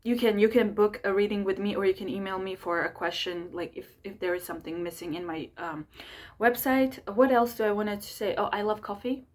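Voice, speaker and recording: A young woman astrologer and channel host, talking fast and energetically in a chatty monthly horoscope video, with many fillers. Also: mid-range voice, level tone. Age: young adult. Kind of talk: fast casual monthly horoscope talk to camera.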